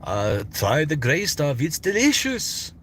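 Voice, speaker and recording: A man's voice: a little high, huge pitch swings, takes it slowly, fairly bright tone, slight background noise, pitched above the performer's own voice, full character voice. A man doing Lumiere, a flirty French candelabra. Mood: charming. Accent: French, put on. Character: suave French male candelabra, charming and flirtatious.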